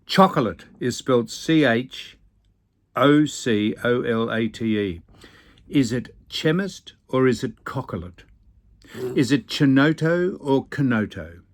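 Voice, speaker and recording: An older man, hosting a casual vlog on a boat and reading out viewer comments with dry, teasing, opinionated banter. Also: mid-range voice. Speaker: vlog host. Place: aboard a boat.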